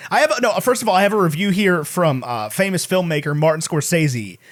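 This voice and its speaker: A man's voice: high voice, expressive. A man co-hosting a movie podcast, joking and teasing in casual chat. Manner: joking, teasing, quick asides. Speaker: podcast co-host.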